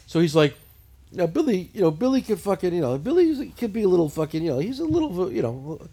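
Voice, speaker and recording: Middle aged guy hosting a podcast, talks real fast, high voice, swears nonstop. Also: breathy edge. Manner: profane, animated storytelling. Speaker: podcast host. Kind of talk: casual chat.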